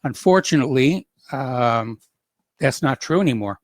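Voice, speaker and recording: A man hosting a call-in radio show, talking at an even middle pitch. His delivery is measured and casual, with the odd hesitant filler. The sound is dry and close. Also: no echo. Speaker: radio talk show host. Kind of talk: casual talk radio chat.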